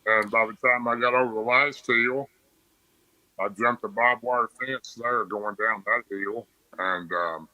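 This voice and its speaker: Bright dry-voiced man telling a story. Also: lowish voice, fairly even intonation, a little slow, dry recording, poor audio. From Tennessee. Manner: plain, rambling storytelling with restarts. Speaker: podcast guest. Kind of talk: casual storytelling.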